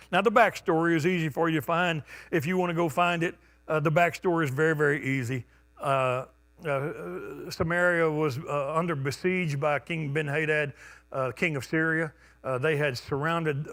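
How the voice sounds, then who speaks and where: Bright-voiced preacher with stammering restarts. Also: male voice, fairly high pitch. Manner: conversational preaching, stammering restarts, shouted call-outs. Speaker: pastor. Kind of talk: sermon. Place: church sanctuary.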